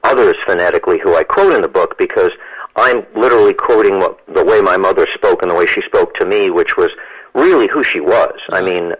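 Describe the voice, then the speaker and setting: A man's voice: low voice, a little fast, fairly bright tone, slightly rough, rough recording. A man in his sixties, a guest author and lawyer, talking emphatically in a radio interview and often repeating words as he goes.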